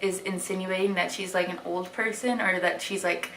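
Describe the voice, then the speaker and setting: A young woman from Wisconsin chatting casually to camera as a vlogger, full of "like" and "um", stretching words out slowly when she stresses them. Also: fairly low pitch, steady tone, a bit bright. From Wisconsin, USA. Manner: chatty, lots of "like" and "um", drawn-out words for emphasis. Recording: echoey room with faint ambient noise.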